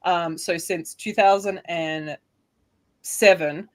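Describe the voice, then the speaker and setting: A woman's voice: lowish voice, steady tone, slow. A woman in her thirties from Australia with an Australian accent, chatting as a guest author and laughing often. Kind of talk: casual interview chat.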